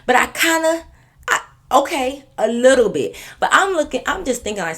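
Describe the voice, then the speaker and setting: A woman vlogger telling a casual story to her viewers, animated and profane, addressing them directly. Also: on the high side, a little fast.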